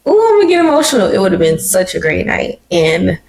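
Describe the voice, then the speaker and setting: A woman hosting her own podcast, talking alone in an animated, emotional and slangy way. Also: mid-range voice, fast talker, poor audio. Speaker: podcast host. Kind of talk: casual solo commentary. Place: living room.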